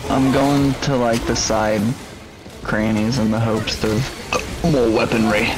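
A man's voice: medium pitch, steady tone, slow pace, poor audio. Young guy drawling crude jokes while gaming, music under it. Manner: crude, goofy and joking. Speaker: gaming co-host. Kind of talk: casual crude gaming banter.

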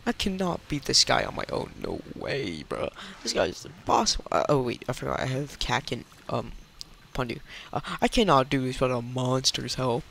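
A man commentating his own gameplay, swinging between muttered complaints and panicked, swearing yells. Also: mid-range voice, big pitch swings, normal speed, creaky, a little hiss or hum. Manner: panicky, yelling, swearing outbursts. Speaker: let's play gamer. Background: game music.

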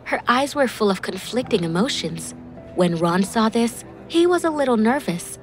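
A woman's voice: on the high side, expressive, normal speed. A woman reading a dramatic story as narrator. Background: faint background music.

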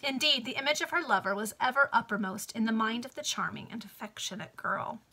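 Woman reading an old novel to friends on a video call, bright voice, casual. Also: a little high, a little fast, breathy edge. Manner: plain reading with chatty asides. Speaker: reader.

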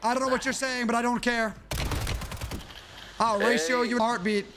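A man's voice: extremely high pitch, steady tone, moderate pace. A young man streaming a shooter game, trash-talking opponents in brash, profane live commentary. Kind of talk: casual live-stream commentary while gaming. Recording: game noise under voice.

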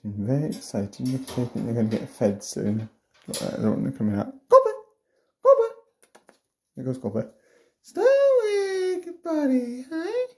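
A woman giving a casual tour of her pet ferrets, jumping into a high sing-song voice to greet them. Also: fairly even intonation, brisk, warm tone. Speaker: pet vlogger.

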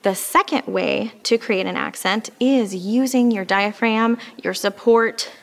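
A woman's voice: medium pitch, unhurried. A woman teaching an oboe lesson, explaining patiently and with frequent fillers. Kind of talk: instructional music lesson.

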